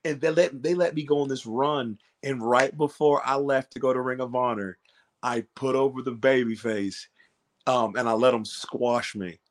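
A man, a pro wrestler, telling a story in a podcast interview, animated and acting out his own lines. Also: medium pitch, moderate pace. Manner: animated, acts out quotes, swears freely.

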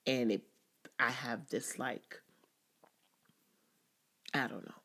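A woman's voice: extremely low pitch, takes it slowly, vocal fry, fairly bright tone, slightly rough. A woman hosting a casual personal podcast, talking candidly and rambling with many "like"s. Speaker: podcast host.

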